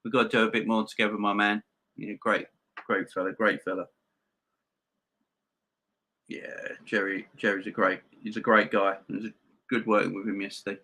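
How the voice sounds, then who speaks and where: A man with a low, hard-edged, pushy voice, hosting a fan live stream and firing back at viewer comments. He hammers his points home by repeating them and keeps calling his viewers "guys". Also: little pitch movement, moderate pace, pauses often, bright, forceful tone. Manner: emphatic, repeats himself, addresses viewers as guys. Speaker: host of a football fan channel.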